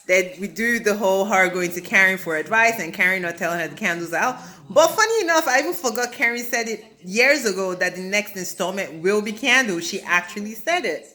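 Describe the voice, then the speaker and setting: A woman with a bright, forward voice talks through reality TV drama in a loose, gossipy vlog. She keeps things chatty and full of quick asides, and her pitch stays in a middle range for a woman. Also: animated. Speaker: reality TV commentator. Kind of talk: casual recap vlog.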